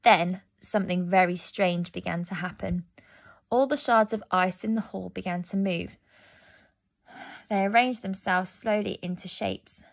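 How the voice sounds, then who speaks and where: A woman narrating a fairy tale aloud, gentle and expressive. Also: medium pitch, a little slow. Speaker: storyteller. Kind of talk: storybook narration.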